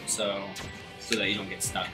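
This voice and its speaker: A man's voice: lowish voice, little pitch movement, moderate pace. A man casually chatting while playing a video game, laid-back and chuckling. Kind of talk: casual gaming chat. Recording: roomy with game music behind.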